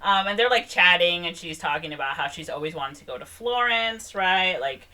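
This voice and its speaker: Young woman chatting thru a movie plot, bright voice, jumps into the characters' lines. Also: on the low side, a little hiss or hum. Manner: animated, acts out characters' lines in quick voices. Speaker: podcast co-host. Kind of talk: casual movie recap chat.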